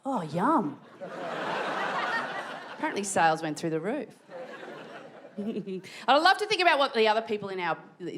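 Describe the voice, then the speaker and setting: A woman's voice: medium pitch, background noise. A woman with an Australian accent telling stand-up stories, breaking into shrieked acted-out quotes. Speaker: stand-up comedian. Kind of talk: stand-up comedy set. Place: large theatre stage. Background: audience laughter.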